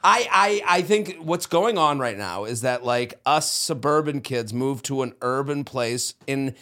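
A man from outside Boston chatting on a podcast, animated and laughing, full of quick asides and restarts. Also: medium pitch. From outside of Boston, Massachusetts. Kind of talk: casual podcast chat.

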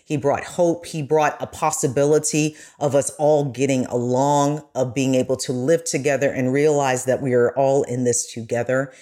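A woman journalist speaks as a podcast guest. She talks earnestly and with deep feeling. The conversation is casual. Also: steady tone, normal speed, hardly any pauses, warm tone. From United States. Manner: earnest, growing emotional.

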